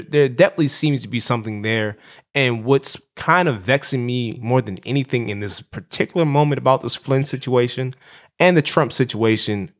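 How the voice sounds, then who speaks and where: A man co-hosting a podcast, ranting about politics in a casual, rambling way, repeating words as he gets going, with a sarcastic edge. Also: medium pitch. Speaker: podcast co-host. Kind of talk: casual chat and political rant.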